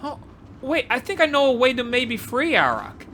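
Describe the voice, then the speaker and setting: A woman gives excited gameplay commentary, often gasping and exclaiming as she explores. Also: high-pitched, normal speed, slight background noise. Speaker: gameplay video creator.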